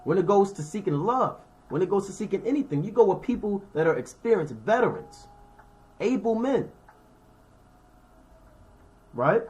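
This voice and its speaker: A man's voice: high-pitched, very animated, moderate pace, pauses often, darkish tone. A man teaching scripture informally, reading verses and explaining them in a slangy, conversational way while checking in with his listeners. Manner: reads verses then explains them with everyday examples.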